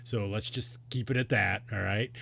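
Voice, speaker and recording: A man's voice: on the low side, steady tone, moderate pace, vocal fry, pushed and bright, slight background noise, heavily acted. A man voicing an older gray-haired male halfling innkeeper with a blustery, teasing, folksy manner. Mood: blunt.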